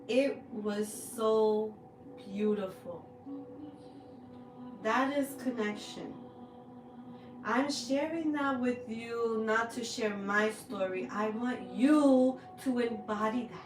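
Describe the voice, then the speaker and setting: A woman hosting a spiritual tarot reading, speaking slowly and with open emotion. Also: mid-range voice, echoey room, distant mic, music in the background. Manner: slow, heartfelt and emotional, with drawn-out words. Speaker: spiritual reader, channel host. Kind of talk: tarot energy reading, personal sharing.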